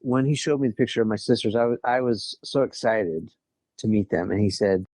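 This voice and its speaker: A man with a lowish voice tells his own story as a podcast guest, chatty and open. He acts out bits of past conversations and lets small laughs slip in. The sound is close and dry, with no room around it. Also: fairly quick, darkish tone, no echo. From Southern California. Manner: chatty, quotes others, frequent light laughs. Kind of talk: casual interview storytelling.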